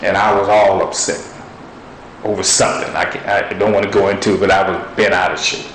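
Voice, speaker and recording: A man's voice: sits low, little pitch movement, a little fast, fairly bright tone, a little hiss or hum. A man preaching a sermon in an earnest, conversational storytelling way. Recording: roomy echo with faint ambience.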